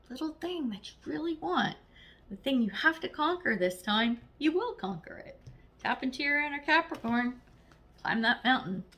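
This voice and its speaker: Woman tarot reader, casual to-camera chat, animated and blunt, slightly high voice. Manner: chatty, animated, blunt and encouraging.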